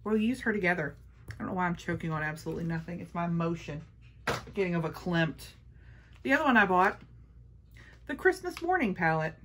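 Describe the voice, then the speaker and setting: Gushing woman with a lowish voice. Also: animated, brisk, pauses often, noisy background. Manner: gushing, playful, talks to her palettes. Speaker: makeup vlogger. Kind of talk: casual haul chat.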